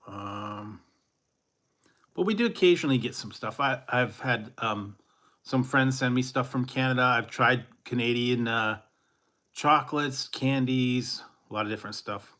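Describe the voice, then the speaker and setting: A man's voice: mid-range voice, pushed and bright. A man from Central California chatting casually on a live stream, rambling with chuckles and tossing in a joking "eh". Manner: rambling, chuckling, plays up a mock Canadian eh. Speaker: food review streamer.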